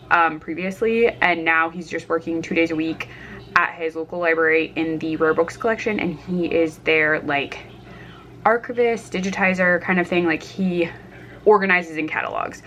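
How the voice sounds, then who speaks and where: A woman's voice: lowish voice, steady tone, moderate pace, bright, forceful tone. A young woman chatting casually about her reading at home while cooking lunch, with many fillers and frequent laughs. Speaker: book vlogger. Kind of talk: casual reading vlog chat.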